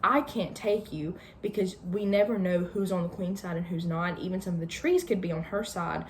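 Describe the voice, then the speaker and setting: A woman voicing a gentle, fearful male fawn who speaks in a soothing, pleading way. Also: fairly low pitch, steady tone, normal speed, a little hiss or hum, close to an everyday voice. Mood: anxious, earnest.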